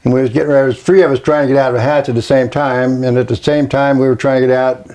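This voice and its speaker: Older kentucky guy, navy vet, plain talk, halting, stretches his words out. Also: mid-range voice, flat delivery, a little mellow. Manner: plainspoken, halting, drawn-out storytelling. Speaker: Navy veteran interviewee. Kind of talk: oral history interview.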